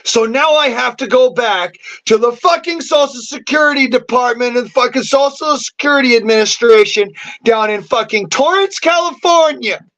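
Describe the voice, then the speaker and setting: A man delivering an angry, profane rant to the camera, bitter and cursing nearly every phrase, now and then breaking into hoarse yelling. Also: very high-pitched, normal speed. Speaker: vlogger.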